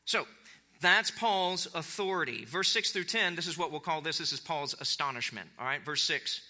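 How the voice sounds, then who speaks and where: A man preaching a sermon, animated, acting out quotes with big jumps in pitch. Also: moderate pace. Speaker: pastor.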